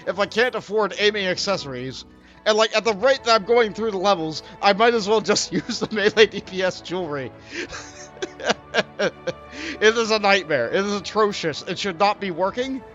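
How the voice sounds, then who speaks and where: A man's voice: sits high, expressive, fairly quick, a bit bright, dull audio, faint music behind. A man streaming a game, chatting casually and laughing often in a self-mocking way as he plays. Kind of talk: casual gameplay commentary.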